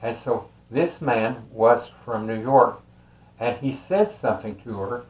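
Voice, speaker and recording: An older man with a Texas accent tells a family story in a casual, rambling way, with many fillers and soft chuckles. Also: mid-range voice, unhurried. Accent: Texan. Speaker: storyteller and tarot reader. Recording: roomy echo.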